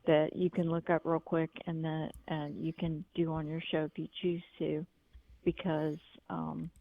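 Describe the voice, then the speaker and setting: A woman's voice: deep voice, flat delivery, unhurried, vocal fry, muffled recording. A woman calling in to a talk show, telling things in an earnest, rambling way. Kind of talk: call-in talk.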